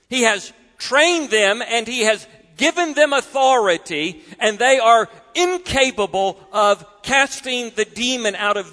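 A man preaching a sermon in an expressive way, acting out voices and often dropping suddenly soft. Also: sits high, big-room sound.

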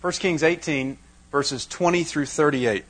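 Man, preacher, fairly high pitch, breathy edge, lively Bible teaching with joking asides. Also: a little slow, low-quality recording. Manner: lively, dramatizes scripture with wry asides. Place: room with a live audience.

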